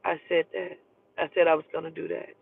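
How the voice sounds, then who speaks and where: A woman's voice: sits low, quick pace, vocal fry, husky. A woman telling a personal story in casual, profane speech, acting out the people in it as she goes. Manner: profane, animated, acts out the people in her story. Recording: tinny phone-like sound, dry.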